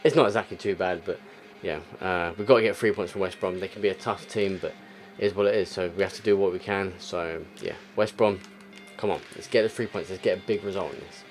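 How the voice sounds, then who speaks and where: A man's voice: low-pitched, steady tone, brisk, faint music behind. Frustrated young man commentating gameplay. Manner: frustrated, exclamatory, swings between muttering and outbursts. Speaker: gaming YouTuber.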